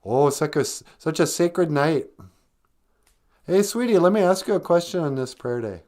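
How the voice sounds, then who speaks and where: A man's voice: fairly high pitch, animated, unhurried, darkish tone. Joking man hosting a live stream. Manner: joking, self-mocking banter. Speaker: podcast host teaching Ojibwe words. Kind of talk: casual live-stream chat.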